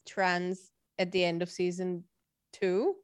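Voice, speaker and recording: A woman's voice: fairly low pitch, flat delivery, slow pace, smooth, no echo. A woman co-hosting a casual chat, teasing her co-host and laughing easily. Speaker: podcast co-host.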